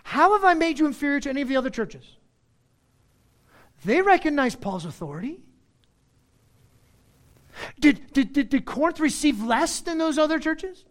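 Very animated at normal speed, a pastor teaches verse by verse from the pulpit, his pitch leaping up and down to hammer his points. Forceful declarations give way to abrupt quiet asides, with long pauses in between.

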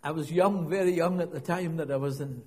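A man's voice: fairly high pitch, brisk, dark tone, long reverb tail. A middle-aged man preaching a sermon, telling a personal story in a reflective way and often repeating and restarting his words.

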